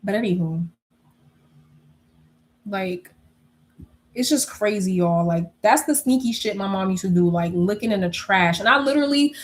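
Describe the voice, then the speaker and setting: A young woman telling stories in a casual, animated way, swearing freely and laughing often. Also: mid-range voice, moderate pace, pauses often. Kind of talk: casual storytelling chat.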